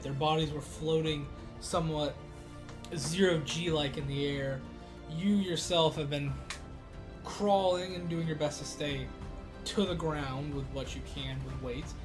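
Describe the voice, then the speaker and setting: Male game master, plain mid-high voice, halting delivery, soft background music. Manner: halting, searching for words. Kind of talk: narrating a tabletop game.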